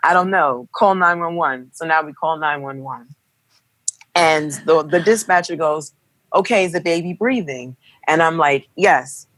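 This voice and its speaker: Lively young woman telling a story. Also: sits low, measured pace, dry recording, poor audio. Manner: animated storytelling, acting out quotes. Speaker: podcast guest. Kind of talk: telling her birth story. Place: podcast studio.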